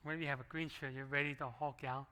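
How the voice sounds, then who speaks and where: Bright-voiced man preaching conversationally. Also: medium pitch, little pitch movement, fast. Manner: conversational preaching with acted asides. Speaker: pastor. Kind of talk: sermon. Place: church sanctuary. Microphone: handheld microphone.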